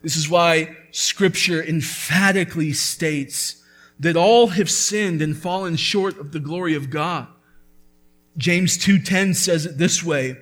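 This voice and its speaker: A man's voice: a little high, slow, a bit bright, faint music behind. A man preaching a sermon as pastor, earnest and building to emphatic peaks.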